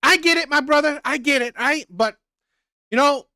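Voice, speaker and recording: A man's voice: very high-pitched, moderate pace, sharp tone, no echo, clean studio sound. A man hosting a reaction channel, ranting heatedly and repeating himself as he talks over live chat comments. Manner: heated, repetitive, profane.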